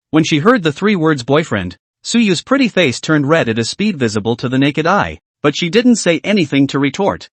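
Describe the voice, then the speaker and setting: Brief: male narrator, lively read-aloud story recap, fairly high voice. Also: normal speed, few pauses, dry recording. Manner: steady read-aloud delivery.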